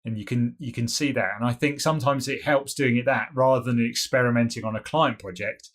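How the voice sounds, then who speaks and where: A British man co-hosts a podcast in casual chat, his voice medium-pitched, steady, fairly quick and fairly bright. His answers are thoughtful and hesitant, full of "you know" and restarts.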